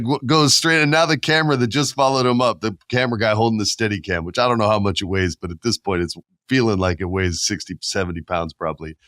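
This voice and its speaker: Brief: male podcast host, lowish voice, animated storyteller, dry close mic. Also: no echo. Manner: animated storyteller, acts out quotes and sound effects. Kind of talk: casual podcast chat.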